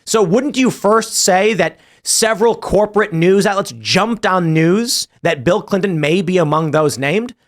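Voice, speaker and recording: Man podcast host, a touch high-pitched, sarcastic commentary over the news. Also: a little slow, few pauses. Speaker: show host. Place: podcast studio.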